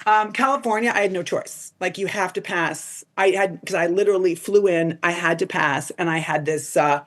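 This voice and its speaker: Chatty woman telling animated stories. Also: lowish voice, normal speed. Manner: animated, quotes people in put-on voices, lots of "like". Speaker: podcast guest. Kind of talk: casual storytelling interview.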